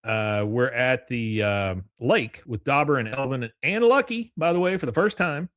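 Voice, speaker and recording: A man's voice: medium pitch, animated, normal speed, a bit bright, no echo, studio quality. A man hosting a podcast, casually recapping a cartoon episode and acting out the characters' lines. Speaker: podcast host.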